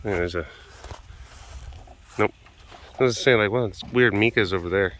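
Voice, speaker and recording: A man's voice: lowish voice, unhurried, a bit bright, a little hiss or hum. A man hosting a casual vlog, chatting playfully to big cats and cooing at them in baby-talk. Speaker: big cat facility keeper and show host. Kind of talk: casual chat to animals.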